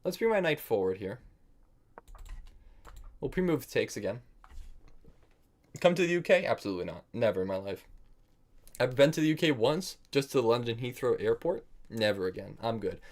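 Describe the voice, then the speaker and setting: A man's voice: mid-range voice, animated, normal speed, long pauses, darkish tone. Self-critical male chess streamer thinking aloud. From United States. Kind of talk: casual live-stream commentary while playing.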